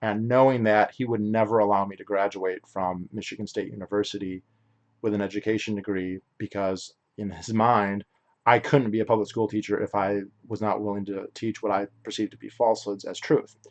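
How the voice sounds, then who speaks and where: Young guy doing a solo podcast rant, kinda low voice, lots of restarts and "i mean"s. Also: flat delivery, fairly quick. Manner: rambling, opinionated, frequent restarts and self-corrections. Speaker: podcast host.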